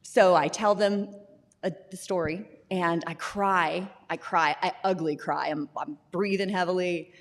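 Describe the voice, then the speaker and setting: A woman's voice: on the low side, fairly even intonation, unhurried. A woman guest candidly sharing her personal recovery story, often laughing at herself and restarting her words. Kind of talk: personal testimony in a recovery talk. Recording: long reverb in a hall.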